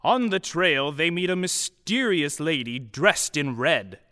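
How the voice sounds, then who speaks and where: A man's voice: a little high, very animated, measured pace, long reverb tail, loud music behind the voice. A man narrating a playful western story in a sing-song storybook manner.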